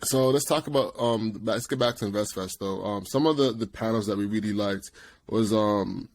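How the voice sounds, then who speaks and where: A young man co-hosting a casual podcast, telling stories with lots of animation, quick impressions and frequent laughter. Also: fairly low pitch. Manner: animated storyteller who slips into excited impressions and laughs often. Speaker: podcast co-host.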